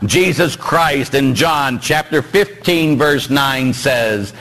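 This priest takes it slowly, preaching in church with a Pittsburgh accent and a joking, emphatic style. He's animated, bantering with his congregation as his pitch rises for emphasis, all on a rough recording.

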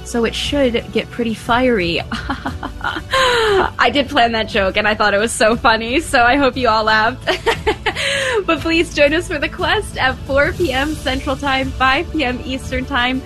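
Female radio host, fairly high voice, light music bed, upbeat. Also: lively intonation, a little slow, fairly bright tone. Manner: upbeat, effusive thanks. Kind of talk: casual radio talk. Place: radio studio.

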